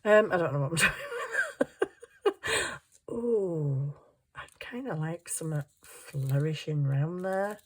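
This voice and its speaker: A woman's voice: sits low, moderate pace, few pauses. A woman chatting casually while crafting at home, tired, ditzy and giggly, muttering to herself as she hunts round her desk. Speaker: craft vlogger.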